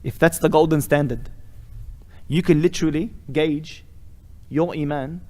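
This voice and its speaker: A man's voice: on the high side, steady tone, measured pace, a little mellow. A man delivering an impassioned sermon as a sheikh, building to emphatic rhetorical questions and reciting Arabic phrases. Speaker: sheikh giving a weekly lesson.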